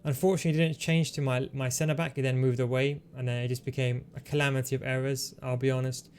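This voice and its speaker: Man, mid-pitched voice, game tutorial commentary, relaxed coaching tone, explains each move. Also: quick pace, a little hiss or hum. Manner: relaxed, coaching, talks through his moves. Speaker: gaming tutorial host. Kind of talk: commentary over gameplay.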